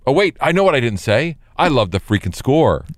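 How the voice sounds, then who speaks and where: A middle-aged man co-hosting a casual movie review chat, measured and rambling, often interrupting himself. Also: medium pitch, big pitch swings, no room sound, studio quality. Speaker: podcast co-host.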